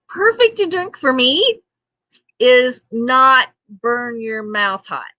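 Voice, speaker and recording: Woman, livestream host, homey and chatty, bright tone, dry close sound. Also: a little high, no room sound. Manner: chatty and homey, laughs often, many fillers. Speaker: livestream talk show host. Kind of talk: casual chat reading viewer comments.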